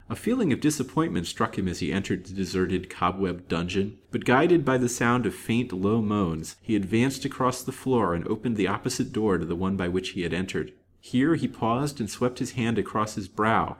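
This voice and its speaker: Low-voiced man reading a serial. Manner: measured, dramatic reading. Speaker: storyteller. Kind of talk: reading a serial novel aloud.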